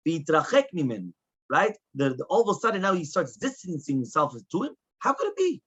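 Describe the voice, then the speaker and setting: Man, rabbi teaching Talmud, slightly high voice, husky, muffled lo-fi sound. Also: a little fast. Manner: animated, rhetorical questions, mixes Hebrew and English. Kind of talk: Talmud lecture.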